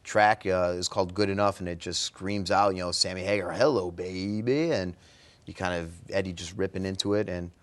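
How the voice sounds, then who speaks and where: Male guest, very low voice, easygoing storyteller with lots of ums. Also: fairly quick, few pauses, clean tone. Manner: relaxed, filler-heavy storytelling. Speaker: guest, music fan. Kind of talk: casual interview chat.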